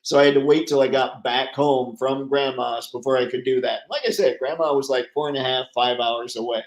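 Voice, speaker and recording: A man's voice: mid-range voice, fairly even intonation, a little fast. A man hosting a live stream in a loose, rambling way, chatting with viewers and reading their comments aloud. His voice sits in an ordinary middle range and laughs come easily. The sound carries a roomy echo around him. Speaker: livestream host.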